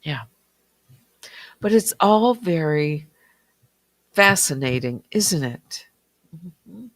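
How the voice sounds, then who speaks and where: A late-night stream host talks slowly and softly in a small warm room, sometimes sinking into a whisper. The voice is a little dry and strained, with a mid pitch. The sound is close and dry, with no room echo. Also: expressive. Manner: slow, quiet, often near a whisper.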